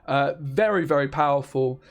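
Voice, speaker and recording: A man's voice: fairly high pitch, normal speed. Enthusiastic man reviewing game cards. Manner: chatty and enthusiastic, with frequent fillers. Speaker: card game content creator. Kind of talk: casual card review commentary.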